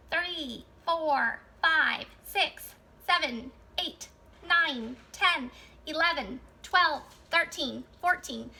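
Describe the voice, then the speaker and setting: High, bright teacher reading to little kids. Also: female voice. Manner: animated, sing-song storytime voice with gasps and cheers. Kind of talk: reading a picture book aloud to young children.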